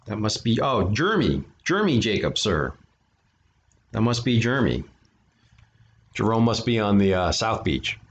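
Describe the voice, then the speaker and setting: A man's voice: lowish voice, big pitch swings, moderate pace, pauses often. A man reading a children's picture book aloud as a storyteller, breaking off for chatty asides to his listeners. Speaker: storyteller for an art studio. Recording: dull lo-fi recording.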